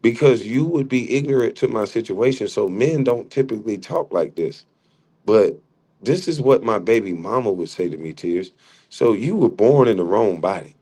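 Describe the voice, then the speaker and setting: Low-voiced man mocking a rival. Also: lively intonation, normal speed, dark tone. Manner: mocking, combative, laughs often. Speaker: livestream host. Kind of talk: heated livestream argument.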